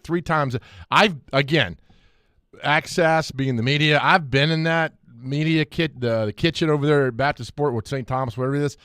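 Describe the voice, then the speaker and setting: A man co-hosts a casual sports talk radio show in a studio, speaking into a studio mic in a medium-pitched voice with no echo. He's animated and quick to laugh, and he drifts into rambling asides.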